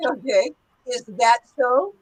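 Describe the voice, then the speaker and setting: A woman's voice: fairly high pitch, takes it slowly, slightly rough, poor audio. A middle-aged woman teaching an interactive pronunciation lesson, encouraging her students and drilling phrases with them. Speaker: English teacher.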